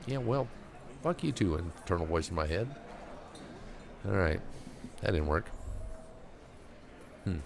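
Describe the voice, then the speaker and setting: A gamer streaming a playthrough mutters to himself, tossing off wry asides and reading choices aloud in casual let's-play commentary. His low, gravelly voice is animated but unhurried, with long pauses and a noisy background.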